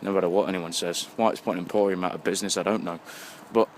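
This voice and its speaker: A tipsy young English man with a low voice rambles and swears his way through a night walk home. He talks into the phone he holds while walking, and a soft hiss of passing traffic sits under his voice. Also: steady tone, fast talker. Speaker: vlogger. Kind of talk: casual rambling monologue. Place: outdoors on a street at night, walking. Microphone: phone held while walking. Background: faint passing traffic.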